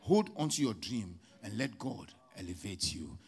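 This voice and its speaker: A man preaching a sermon as pastor, with sudden loud rises and soft drops. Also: on the low side, animated, a little slow, husky.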